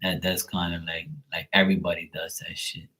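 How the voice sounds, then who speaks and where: A man's voice: sits low, flat delivery, brisk, pushed and bright. A man in his forties from Bermuda, ranting casually and profanely, joking as he acts out both sides of phone calls. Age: 40s. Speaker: tarot reading livestream host. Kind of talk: casual rant.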